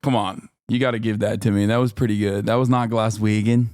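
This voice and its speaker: A man's voice: fairly low pitch, level tone, fairly quick, darkish tone, no room sound, clean studio sound. A man streaming and reacting to videos in casual commentary, sarcastic, swearing often and laughing a lot.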